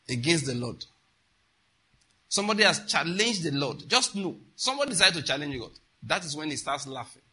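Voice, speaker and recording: Preacher guy, pretty high voice, super bright and sharp, keeps asking the church if they get it. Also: husky. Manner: emphatic, asks the congregation questions. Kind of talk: sermon.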